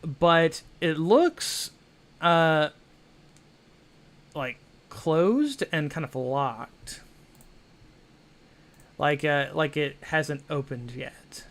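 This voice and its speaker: A man with a bright, slightly high voice runs a tabletop game. He narrates in a loose, rambling way, circling back with "kind of" and "uh" between restarts. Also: drawn-out words, long pauses. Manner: rambling, filler-heavy, with many restarts. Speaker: game master.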